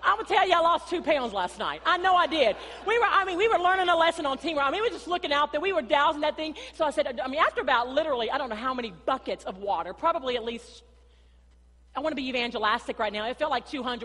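A woman pastor, preaching a sermon in an animated storytelling way and often calling the congregation "y'all". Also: high-pitched, rapid-fire. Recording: long hall reverb.

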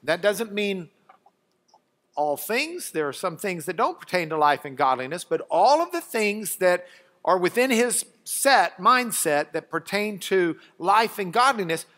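A man leading a Bible lesson in a bright, fairly high voice. He talks in a chatty, halting way, restarting phrases and dropping dry asides as he works through the text. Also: very animated. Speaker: Bible class teacher. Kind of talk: classroom lesson with a guest.

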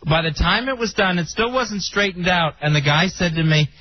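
A man's voice: sits high, moderate pace. A man co-hosting a talk radio show, telling a story and making dry, joking asides. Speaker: radio co-host. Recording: dull lo-fi radio broadcast.

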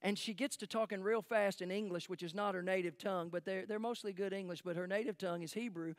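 A man preaching a sermon as pastor, telling a story emphatically and then dropping to hushed tones. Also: high voice, steady tone, fast, dry recording. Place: church sanctuary.

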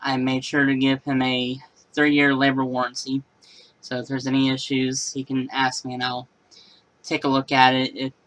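A man's voice: medium pitch, fairly bright tone, rough recording. A man casually talking through a laptop repair in a how-to vlog, rambling and matter-of-fact. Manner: rambling, many fillers and restarts. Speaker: computer repair vlogger.

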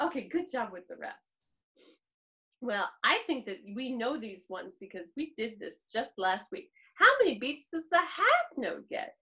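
A woman's voice: a little high, sing-song, unhurried, a bit bright, poor audio. A woman teaching a virtual piano class to preschoolers in a sing-song, playfully exaggerated way. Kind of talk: virtual music class for young children.

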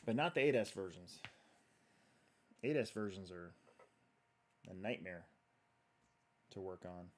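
A man's voice: deep voice, lively intonation, a little slow, long pauses. A man hosting a casual livestream, chatting loosely and reading viewer comments while he works on a build. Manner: rambling, chatty, reads viewer comments aloud. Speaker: host.

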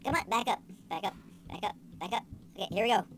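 A young woman giving casual let's-play commentary, excitable and sarcastic, swearing and yelling at the game. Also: medium pitch, fast talker, gravelly, very noisy. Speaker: gaming channel host.

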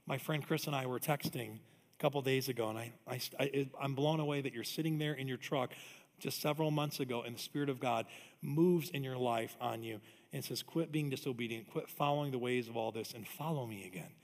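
Energetic preacher in a reverberant hall. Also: male voice, medium pitch, creaky. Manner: energetic, emphatic preaching with rising intensity and quick asides. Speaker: pastor. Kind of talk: sermon. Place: church auditorium. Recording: long reverb of a large hall.

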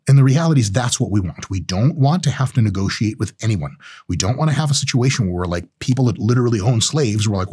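A man hosting his own show, talking in a casual monologue, animated and profane, with big swings in pitch when he voices other people's reactions. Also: fast, slightly rough. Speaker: host.

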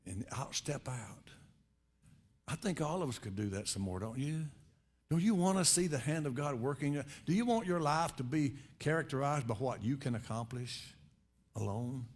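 A man preaching a sermon as pastor, conversational, swinging between quiet reflection and loud emphatic rises. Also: animated, normal speed. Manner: conversational preaching with sudden rises in pitch and volume.

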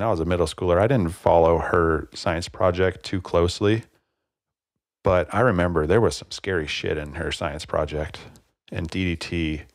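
A man's voice: low voice, gravelly, no echo, clean studio sound. A man hosting a podcast alone, talking casually and rambling a little, with plenty of fillers. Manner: relaxed, rambling, many fillers. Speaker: podcast host. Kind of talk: casual solo podcast talk.

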